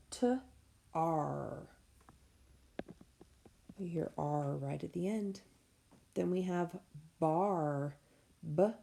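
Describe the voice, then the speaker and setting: A woman teacher giving a recorded phonics lesson for children, slowly sounding out letters and words. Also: fairly low pitch, creaky, mellow, slight background noise. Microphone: tablet microphone.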